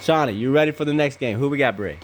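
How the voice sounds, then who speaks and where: Woman podcast host, deep for a woman, brisk and matter-of-fact, tallies everyone's picks in a casual family chat. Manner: brisk, calls on each person and repeats their picks.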